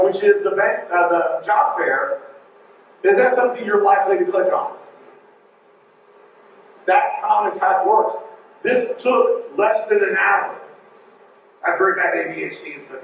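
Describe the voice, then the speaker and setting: A man giving a live conference talk, joking and animated, wandering off on side remarks. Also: sits high, a little hiss or hum. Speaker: conference speaker. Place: large conference hall. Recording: echoey hall, mic from far off.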